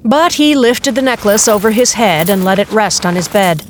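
A woman reading a novel aloud as narrator, in a steady, measured way. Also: mid-range voice, slight background noise. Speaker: audiobook narrator. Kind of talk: scripted narration.

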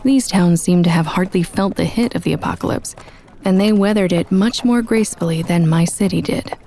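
A young woman narrating a first-person audiobook in a soft, intimate, reflective way. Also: fairly low pitch, brisk, slight background noise. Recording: with background music.

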